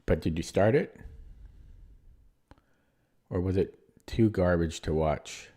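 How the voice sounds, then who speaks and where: A man streaming chess, thinking aloud in a low-key, muttering way as he works through puzzles and questions his own moves. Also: slow pace, warm tone, breathy edge. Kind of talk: casual thinking aloud while solving puzzles.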